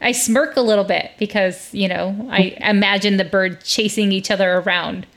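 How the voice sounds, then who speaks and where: A woman's voice: mid-range voice, fairly even intonation, normal speed. A woman hosting an interview, chatting casually and affirming her guest often. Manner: warm affirming listener, frequent backchannels. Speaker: interview host. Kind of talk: casual chat.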